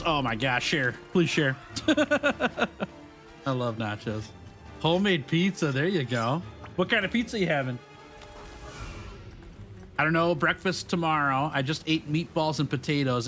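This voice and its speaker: With a voice that's a little high and a bit bright, a young man hosts a live stream while he plays, game music running under his voice. He's upbeat and chatty with viewers, laughing often and calling people by name.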